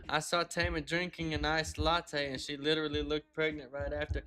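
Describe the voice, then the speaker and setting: A man's voice: on the high side, level tone, normal speed, hardly any pauses, bright, forceful tone, clean tone. A man hosting a casual live stream, laughing a lot and swearing as he reads chat comments aloud into a laptop mic.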